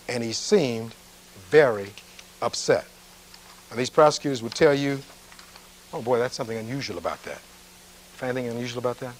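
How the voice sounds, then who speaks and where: A defense attorney giving a closing argument in a courtroom, reading witness testimony aloud and following it with pointed rhetorical questions. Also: male voice, medium pitch, expressive, a little fast, pauses often, rough recording.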